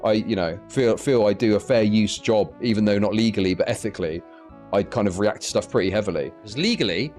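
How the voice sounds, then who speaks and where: A man hosting a live stream, ranting and mocking in a profane, laughing way while reacting to clips. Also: medium pitch. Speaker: streamer host.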